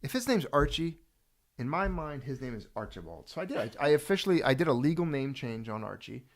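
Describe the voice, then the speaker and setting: A man hosting a casual video chat, talking straight to viewers in a jokey, animated way. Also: medium pitch, fairly quick. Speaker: host.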